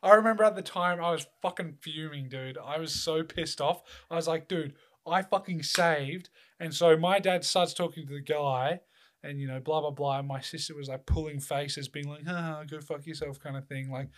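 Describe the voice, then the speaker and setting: A young man on a casual podcast, telling a childhood story with animated, sweary outbursts and teasing asides. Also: a little high, normal speed. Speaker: podcast co-host.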